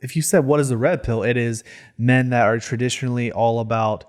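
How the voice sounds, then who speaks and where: A young man co-hosting a reaction video, joking and animated in casual chat. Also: mid-range voice, brisk. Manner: joking, animated, playful voices.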